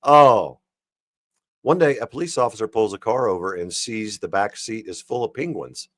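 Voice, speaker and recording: A man's voice: fairly low pitch, normal speed, fairly bright tone. A man hosting a livestream, reading jokes aloud and chuckling and commenting on each one. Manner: reads jokes then chuckles and comments on them. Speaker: livestream host.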